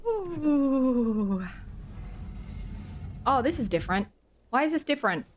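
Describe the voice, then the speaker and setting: A young woman streaming a game, giggling often and swearing loudly between her comments. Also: high-pitched, very animated, takes it slowly, slight background noise. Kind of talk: casual gameplay commentary.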